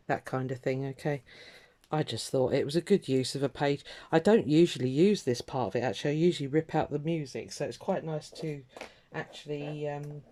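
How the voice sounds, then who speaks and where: A woman vlogs about her crafting in a loose, rambling, chatty way, trailing off, restarting her thoughts, and interrupting herself with plenty of ums. Her voice is a warm, rumbling low.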